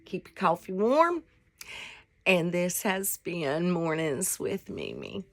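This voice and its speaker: Female vlog host, 60s, unhurried pace, a bit of vocal fry, heartfelt and wandering devotional talk. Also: fairly low pitch, sing-song. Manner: rambling, heartfelt, with fillers.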